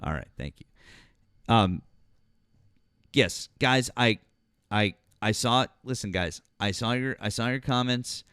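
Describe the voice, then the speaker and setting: A man hosting a political live stream and talking with callers, halting and full of restarts. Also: mid-range voice, lively intonation, fairly bright tone, clear, resonant tone, no echo, studio quality. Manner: halting, many restarts and fillers.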